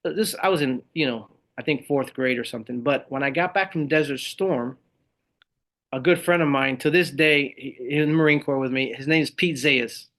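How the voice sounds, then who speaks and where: Middle-aged male veteran guest with a gravelly edge, lively and conversational. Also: mid-range voice, normal speed. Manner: animated storyteller who acts out the voices of others. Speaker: guest, motivational speaker and Marine veteran. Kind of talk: conversational interview storytelling.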